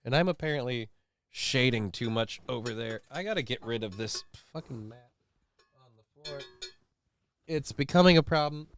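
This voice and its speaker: A man's voice: mid-range voice, expressive, normal speed, long pauses. A middle-aged man hosting a live stream, chatting casually, reading news and making sarcastic, rambling asides with mock-indignant questions. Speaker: live-stream show host.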